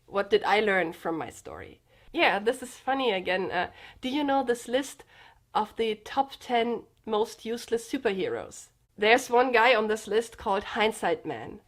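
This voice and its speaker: Earnest young German woman vlogging. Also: on the high side. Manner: earnest, hesitant, with many fillers and restarts. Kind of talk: personal confessional vlog.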